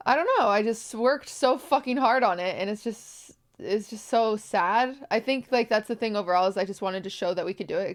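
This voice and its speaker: A young woman streamer talking to her viewers on a livestream, tearful, rambling and apologetic. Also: mid-range voice. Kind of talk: emotional livestream talk.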